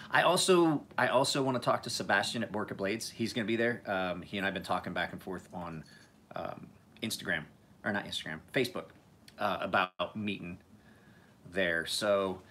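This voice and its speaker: A man's voice: mid-range voice, fairly bright tone, slight background noise. A man hosting a casual live stream, rambling in a laid-back way, swearing freely and laughing often.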